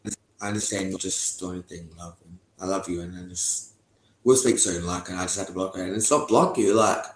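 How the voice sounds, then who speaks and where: Young guy, low-pitched, loose and profane, recorded in a roomy echo. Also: fairly quick. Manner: rambling, heavy swearing, frequent laughs. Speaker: interviewee giving testimony. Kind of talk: candid casual talk. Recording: echoey room.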